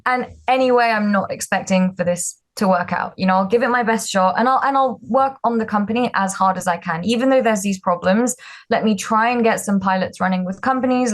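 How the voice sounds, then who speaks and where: A woman's voice: medium pitch, a little fast. A young woman from the UK, a startup founder telling her story in a candid, self-deprecating way, with many fillers and restarts. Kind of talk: casual storytelling talk.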